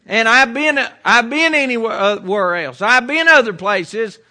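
A man's voice: very high voice, lively intonation, a little slow, bright, forceful tone. A middle-aged preacher from the United States delivering a sermon in an earnest, emphatic way, repeating his points.

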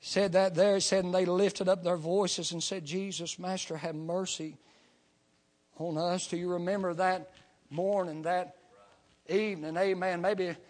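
Fervent high-voiced preacher. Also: male voice, fairly even intonation, unhurried. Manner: rhythmic, punctuates every phrase with "amen"; swings from shouting to near whisper. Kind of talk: revival sermon with personal testimony.

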